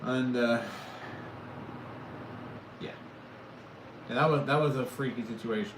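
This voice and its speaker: A man's voice: medium pitch, a little slow. A middle-aged man hosting a casual livestream from home, telling stories in a rambling, self-mocking way. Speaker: livestream host. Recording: echoey room with loud background noise.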